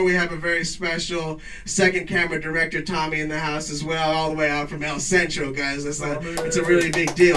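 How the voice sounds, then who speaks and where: Late-night host, male, high-pitched, hypes the crowd and cracks crude jokes; off-mic sound. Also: recorded from a distance, rough recording. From Mexico. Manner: loud hype-man announcing to a crowd; casual profane joking. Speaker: talk show host. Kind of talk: stand-up monologue. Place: garage studio with live audience.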